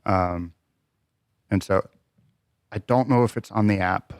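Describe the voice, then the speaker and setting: A man with a very low voice, co-hosting a podcast and speaking in a thoughtful, unhurried way with plenty of ums and uhs. The room is dry and close to the mic. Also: clean tone, no room sound. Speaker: podcast co-host. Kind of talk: casual podcast chat.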